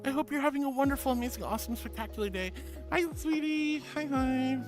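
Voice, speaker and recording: A woman's voice: high voice, fast talker, over music. A woman streaming as a VTuber host, chatting casually, reading chat aloud and thanking viewers with affectionate pet names.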